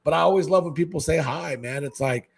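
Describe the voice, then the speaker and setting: A man from Hawaii, a guest on a casual podcast chat, talking excitably and saying "man" constantly. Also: a little fast, gravelly, husky. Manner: excitable, says "man" constantly, jumps into high animated quoted voices. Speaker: guest, fish-keeping content creator.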